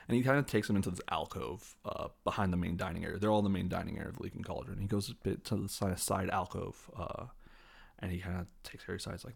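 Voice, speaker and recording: A man's voice: sits low, fairly even intonation, fast talker, creaky, slightly rough. A man hosting a podcast, casually retelling a film from memory in a rambling way, full of fillers and self-corrections. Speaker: podcast host.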